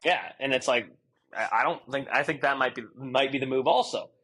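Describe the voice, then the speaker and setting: A man co-hosting a casual sports podcast, animated and quick to laugh. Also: mid-range voice, slightly rough. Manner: animated, laughs often, does joking voices. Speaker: podcast co-host.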